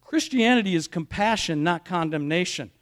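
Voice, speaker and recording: High-voiced man preaching with rising emphasis. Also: lively intonation, normal speed, a bit bright. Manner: playful asides with self-mocking humor. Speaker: pastor. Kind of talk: sermon.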